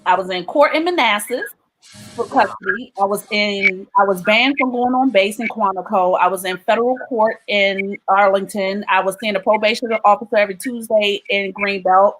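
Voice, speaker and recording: A woman from Maryland giving an emotional personal testimony of her faith, often pausing with "um" and "right?". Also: mid-range voice, a bit bright, poor audio. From Maryland, USA. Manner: emotional storytelling with frequent "um" and "right?".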